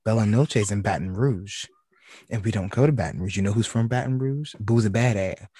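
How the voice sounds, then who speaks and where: A man co-hosting a podcast in casual chat, blunt and sassy, telling animated stories. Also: fairly low pitch, brisk, husky, no echo, studio quality. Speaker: podcast co-host.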